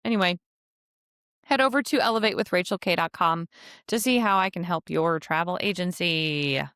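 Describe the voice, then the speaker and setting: A woman's voice: on the low side, normal speed, fairly bright tone, clean tone, dry recording, studio quality. A woman hosting her own podcast, talking in a rambling, chatty, self-deprecating way, her voice nasal and stuffy from allergies. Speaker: podcast host. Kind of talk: casual solo podcast monologue.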